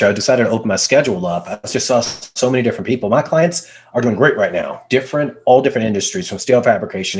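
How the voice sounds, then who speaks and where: Energetic male business coach telling stories. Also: lowish voice. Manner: energetic, emphatic, repeats words for effect. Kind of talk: conversational storytelling. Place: video call.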